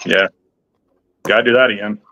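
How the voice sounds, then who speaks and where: A man's voice: lowish voice, steady tone, moderate pace, vocal fry, bright, forceful tone, lo-fi sound. A man chatting as a guest on a livestream, rambling and playful with a lot of hesitation. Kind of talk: casual chat on a livestream.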